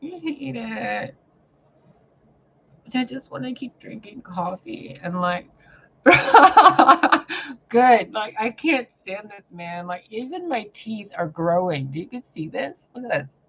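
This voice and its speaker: A woman vlogging a rambling, profane spiritual rant that swings between loud outbursts and hushed muttering. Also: medium pitch, animated, moderate pace, few pauses, lo-fi sound, slight background noise. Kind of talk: ranting spiritual vlog monologue.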